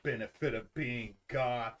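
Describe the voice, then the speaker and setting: A man playing a tabletop game who throws in quick jokes. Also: mid-range voice, steady tone, fairly bright tone, recorded from a distance. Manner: joking, quick interjections. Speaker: player.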